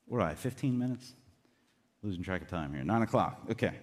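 A man's voice: on the low side, expressive, fast talker. A man preaching a sermon in an earnest, conversational way, with casual asides to the congregation. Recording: long reverb of a hall.

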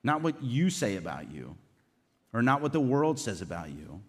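A man's voice: mid-range voice, sing-song, moderate pace. A man preaching a sermon in an earnest, conversational way, with casual asides to the congregation. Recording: long reverb of a hall.

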